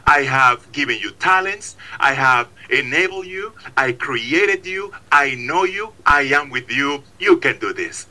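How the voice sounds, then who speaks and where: A man's voice: mid-range voice, expressive, a little slow, hardly any pauses, sharp tone, rough recording. A man voicing God, encouraging a listener in short, reassuring declarations.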